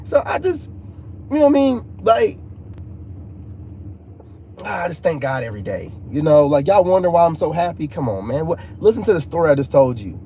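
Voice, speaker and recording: A man's voice: fairly high pitch, sing-song, moderate pace, long pauses, mellow. A man telling a personal story to viewers in casual, emphatic talk full of slang and repeats. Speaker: channel host. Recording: faint background noise.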